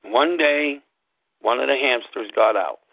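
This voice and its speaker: A man hosting a show, telling a personal story in a slow, deliberate way and spelling things out letter by letter. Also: medium pitch. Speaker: podcast host. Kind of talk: casual storytelling monologue. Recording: tinny phone-like line, dry.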